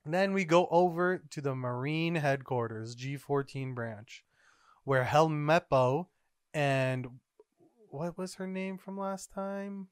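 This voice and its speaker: A man hosting a podcast, recapping comic chapters in a rambling, excitable, casual way. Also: a little high, slow pace, clear, resonant tone, no room sound, studio quality. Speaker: podcast host.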